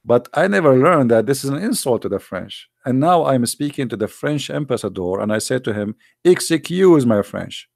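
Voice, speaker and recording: A man with halting, non-native English giving a casual, heated, argumentative monologue to viewers, often repeating himself. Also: medium pitch, animated, creaky, dry recording, clean studio sound. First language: not English.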